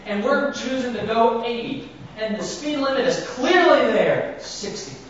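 In a noisy setting, a pastor with a very high, animated voice preaches unhurriedly, asking his congregation one rhetorical question after another and enacting scripture with rising force. The audio is very echoey, distant, and dull.

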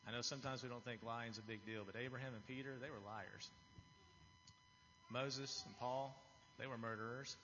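A man's voice: medium pitch, steady tone, normal speed, sharp tone, a little hiss or hum. A man giving an earnest, confessional testimony to a church audience, often restarting his phrases. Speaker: lay speaker giving a testimony. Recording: dull, reverberant hall recording.

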